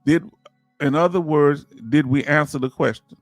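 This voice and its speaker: A man with a Southern US accent hosting a casual livestream, talking in an animated, preachy way and firing off rhetorical questions to his viewers. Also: on the high side, normal speed, dry recording, studio quality, soft background music. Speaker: livestream host.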